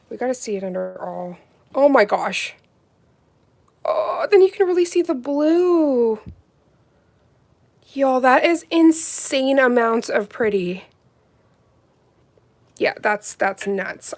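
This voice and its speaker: Gushing high-voiced woman live-streaming. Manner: gushing, gasping, breathy exclamations, greets viewers. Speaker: nail product reviewer on a live stream. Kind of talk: excited live unboxing chat.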